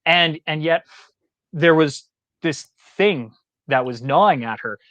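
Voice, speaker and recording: A man telling stories as a podcast guest, acting out the people in them with lively voices. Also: fairly high pitch, slow, no room sound, muffled recording. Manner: animated storyteller who acts out quoted voices. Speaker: guest speaker and actor. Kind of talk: storytelling in a podcast interview.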